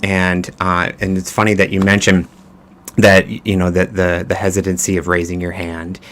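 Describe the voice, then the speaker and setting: A man's voice: deep voice, moderate pace, slight background noise. A man appearing as a podcast guest, speaking casually and reflectively. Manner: relaxed, reflective, with many fillers and restarts. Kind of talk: casual conversational storytelling.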